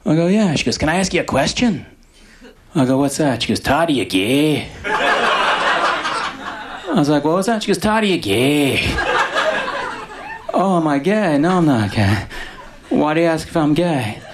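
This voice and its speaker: A man doing stand-up comedy with slow, deadpan timing. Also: on the high side. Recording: noisy live stage recording.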